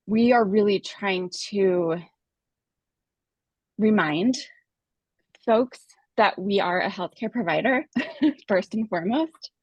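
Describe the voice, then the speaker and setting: A woman's voice: mid-range voice, no room sound, highs cut off. A woman talking on a video call while walking on a treadmill, a little out of breath, chatting casually about her work. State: slightly out of breath. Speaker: communications staffer at a health care provider. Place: home with a treadmill.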